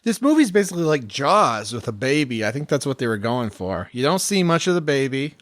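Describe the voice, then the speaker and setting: A man co-hosting a podcast, speaking hesitantly as he searches for his words, in casual chat. The sound is dry and close, with no room around it, and his pitch is ordinary. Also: sing-song, fairly quick, a bit bright, dry recording. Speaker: podcast co-host.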